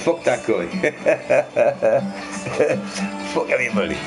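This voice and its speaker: A man's voice: medium pitch, unhurried, pauses often, music in the background. A young man ranting loosely to his live chat, swearing and repeating himself. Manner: animated, sweary, repeats phrases. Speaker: live streamer answering chat.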